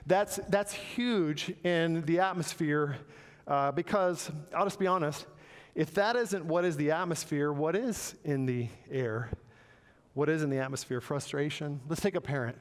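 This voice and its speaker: A man preaching in a church sanctuary, his fairly high voice ringing out with a long reverb from the hall. He speaks earnestly and stumbles over repeated words as he hunts for the right phrase. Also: unhurried, clear, resonant tone. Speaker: pastor. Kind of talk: sermon.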